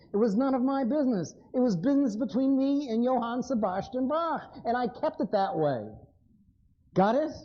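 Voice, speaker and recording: Lively, blunt man lecturing. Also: very high voice, dull audio. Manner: blunt, wry, addresses the audience directly. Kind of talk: live lecture to an audience.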